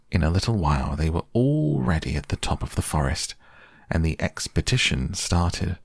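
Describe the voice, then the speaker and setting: A man softly narrating a bedtime audiobook in a slow, gentle reading. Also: very deep voice, very animated, breathy edge, no room sound, clean studio sound. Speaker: podcast reader.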